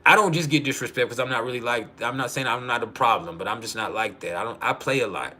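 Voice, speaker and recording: Profane, laughing man with a bright voice. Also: medium pitch, fast, a little hiss or hum. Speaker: livestream host. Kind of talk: casual livestream talk.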